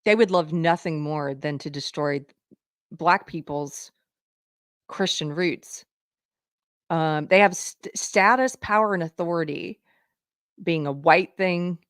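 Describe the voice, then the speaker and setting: A woman's voice: low voice, slow, pauses often, no room sound, clean studio sound. A woman hosting a live political commentary show, indignantly reading items off a list. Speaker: livestream show host.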